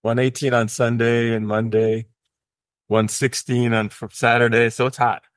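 A man chatting easily as a guest on a video call, quick to laugh. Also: mid-range voice, level tone, no room sound, clean studio sound. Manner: easygoing, laughs often. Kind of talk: casual chat.

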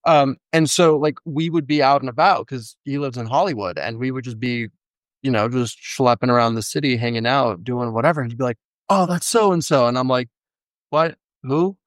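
A man's voice: mid-range voice, brisk, no room sound. A man in casual podcast chat, telling a story and acting out quoted lines. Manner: storytelling with animated quoted voices.

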